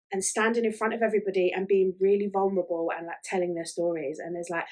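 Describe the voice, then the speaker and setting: A woman's voice: medium pitch, darkish tone. A woman hosting a casual solo podcast, chatty and full of fillers like "um" and "like". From Ireland. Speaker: podcast host.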